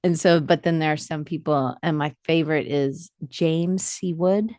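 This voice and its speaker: Lively woman with a lowish, dry voice. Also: normal speed, dry recording. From Atlanta, US. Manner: lively storyteller who acts out quoted dialogue. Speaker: podcast guest, artist. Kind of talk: casual conversation.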